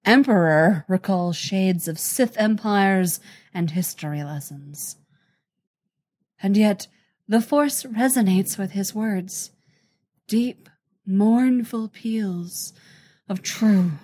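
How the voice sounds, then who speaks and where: A woman narrating a fan fiction audiobook in a measured, expressive reading. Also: medium pitch. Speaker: reader, narrator.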